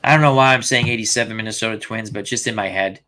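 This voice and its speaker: A man's voice: lowish voice, quick pace, pushed and bright. A man hosting a casual live stream, thinking aloud and reading out viewer comments. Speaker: host.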